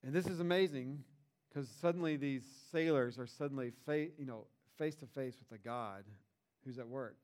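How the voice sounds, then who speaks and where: A young man preaching in a casual, conversational way, retelling a Bible story and rising in pitch and volume when he stresses a point. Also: moderate pace. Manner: conversational and animated, rises in pitch and volume for emphasis. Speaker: pastor.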